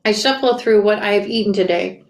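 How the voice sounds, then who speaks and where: A woman reading a memoir aloud and breaking off for quick asides and self-corrections. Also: medium pitch. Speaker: reader reacting to a memoir. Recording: roomy echo.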